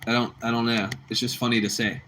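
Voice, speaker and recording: Bright, chatty livestream guy. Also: medium pitch, level tone, fast talker, slight background noise. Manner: chatty, repeats himself, calls viewers bro and bucko; laughs a lot. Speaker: livestream host reading chat. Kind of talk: casual livestream chat.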